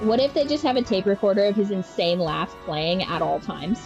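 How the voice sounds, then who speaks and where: A woman's voice: medium pitch, brisk, vocal fry, highs cut off, over music. A woman streaming a game, chatting casually with sarcastic, profane jokes.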